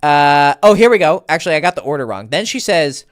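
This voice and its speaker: A man in his thirties tells a story as a dating coach, swearing freely and stopping to correct himself. His pitch swings up and down a lot. The recording is close and dry. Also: sing-song, brisk, no echo. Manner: rambling, profane, self-correcting. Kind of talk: casual storytelling.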